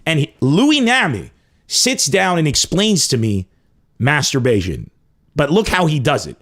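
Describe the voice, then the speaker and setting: A man from Lebanon telling a crude comic story with animated, profane emphasis. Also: on the high side, unhurried. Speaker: comedian host. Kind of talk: comedic storytelling.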